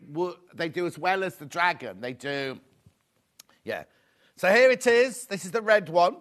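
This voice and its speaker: A man hosts a live sewing shop broadcast in a bright, chatty sales patter. His voice sits a little high for a man, and he talks casually, mixing deals with friendly asides to viewers. He comes across as a middle-aged Englishman at ease on camera. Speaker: shopping show host.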